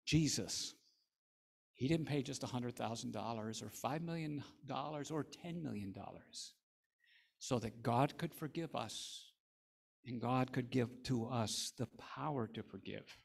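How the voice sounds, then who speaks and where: A man's voice: medium pitch, measured pace, creaky. A man preaching a sermon in an earnest, storytelling manner. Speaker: pastor.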